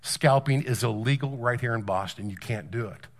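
Preacher doing a low, firm police officer. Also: male voice, moderate pace, natural voice. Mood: stern. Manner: firm, warning. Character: stern gruff male police officer.

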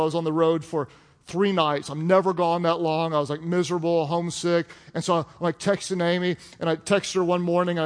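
Animated pastor in a reverberant hall. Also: male voice, sits high. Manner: animated, joking and conversational. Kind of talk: sermon. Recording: long reverb of a large hall.

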